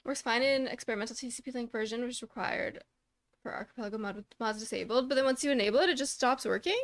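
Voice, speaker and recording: High-voiced bubbly woman streamer. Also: quick pace. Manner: bubbly, greets chat by name, trails off into quiet asides. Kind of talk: casual live-stream chat.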